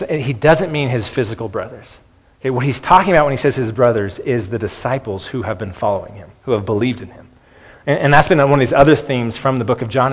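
Male pastor, mid-pitched voice, earnest conversational preaching, long church reverb. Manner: earnest, conversational with frequent restarts and "okay". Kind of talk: sermon.

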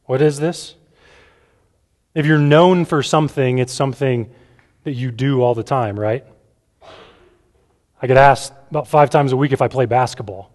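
A pastor speaks to a gathered room in a relaxed, conversational way, often checking in with "right?" and repeating words as he goes. His voice sits at an ordinary middle pitch for a man. A long reverb trails after each phrase, as in a large hall. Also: a little slow, long pauses. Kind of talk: conversational sermon. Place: church room with a gathered audience.

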